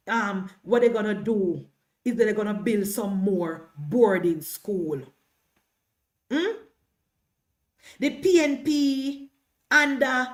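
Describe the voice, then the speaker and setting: A Jamaican woman with a high-pitched voice delivers live-stream political commentary. She talks in an emphatic, combative way, repeating her points again and again to drive them home.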